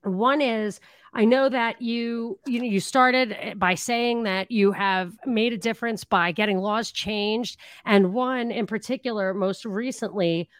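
A woman's voice: on the high side, a little slow, dry recording. Rambling woman host, dry sound. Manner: rambling, many restarts and fillers. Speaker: podcast host. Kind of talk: casual interview chat.

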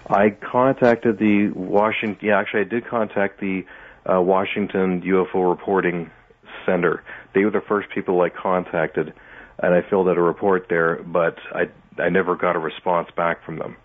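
A man's voice: sits low, level tone, normal speed. A man, a musician guest, telling his own story in a casual interview and acting out his past reactions. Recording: tinny phone line.

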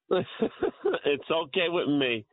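Blunt New York caller on a phone. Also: male voice, fairly high pitch, huge pitch swings, no echo. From Brooklyn, New York. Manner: blunt, plain-spoken, quick. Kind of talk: call-in chat on the phone. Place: driving a diesel truck. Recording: tinny phone line. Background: loud truck exhaust.

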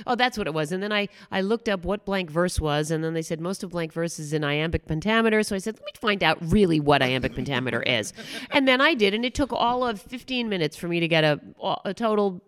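A woman's voice: on the low side, fairly bright tone, smooth. A middle-aged woman guest on a podcast, telling rambling anecdotes in casual chat, with lots of fillers and restarts. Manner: chatty anecdotal storyteller, many fillers and restarts.

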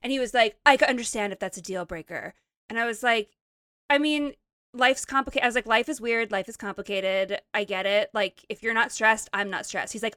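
A woman from Montana in casual chat, telling a dating story with animated, playful quoting. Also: a little high, a little fast, no echo, clean studio sound. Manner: animated storytelling, quotes people in playful voices.

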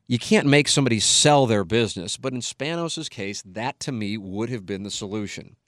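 A man's voice: fairly low pitch, expressive, normal speed, fairly bright tone, no echo, studio quality. A middle-aged man hosting a podcast, talking bluntly and emphatically and swearing freely. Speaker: podcast host. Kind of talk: casual opinionated podcast talk.

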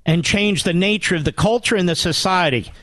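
A man's voice: high voice, fairly quick, a bit bright, no room sound. A man hosting a political talk radio show, delivering a combative, sarcastic monologue.

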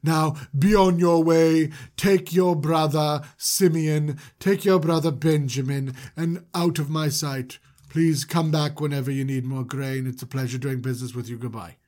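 A man's voice: fairly high pitch, steady tone, measured pace, few pauses, a little mellow, natural voice. A man putting on a creepy, smug manager. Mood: scheming. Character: creepy flamboyant male manager, smug, teasing.

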